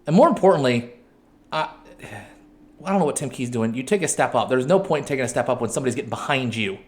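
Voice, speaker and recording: A man hosting a let's-play, commentating a match with excitable outbursts, shouting at his players and correcting himself. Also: medium pitch, quick pace. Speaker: video game channel host.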